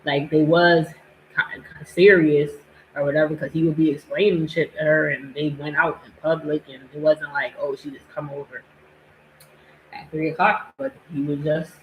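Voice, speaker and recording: A woman with a deep voice hosts a podcast, talking at a normal speed and casually discussing a reality show clip. She's animated and laughing as she acts out what people said. The audio is echoey, with the highs cut off and a bit of hiss or hum.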